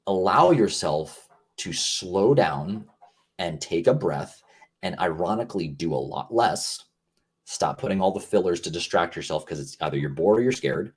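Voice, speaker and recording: Low husky man chatting earnestly. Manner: earnest, rambling, many fillers and restarts. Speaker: podcast guest. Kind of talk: casual podcast conversation.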